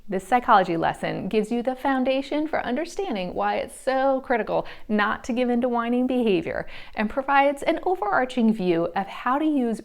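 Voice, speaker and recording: A woman delivers a scripted parenting lesson at an even, unhurried pace. Her voice sits in a middle register, and her tone stays calm and reassuring. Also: medium pitch. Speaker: parenting educator. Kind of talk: scripted educational explainer.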